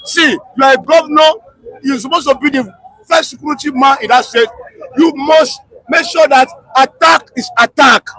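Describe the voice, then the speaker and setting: A man with a Nigerian accent, speaking in a street interview, fiery and often shouting, repeating himself and mixing in pidgin. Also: very high voice, normal speed, low-quality recording.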